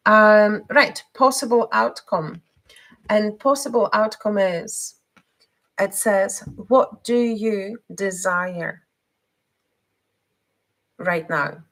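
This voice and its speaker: A woman giving a live spiritual card reading, speaking haltingly with many pauses, fillers and restarts. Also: mid-range voice, fairly bright tone, poor audio.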